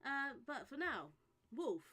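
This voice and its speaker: A woman's voice: high-pitched, very animated, slow, bright, forceful tone. A woman running a tabletop game as game master, talking hesitantly with many fillers. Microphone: voice chat microphone.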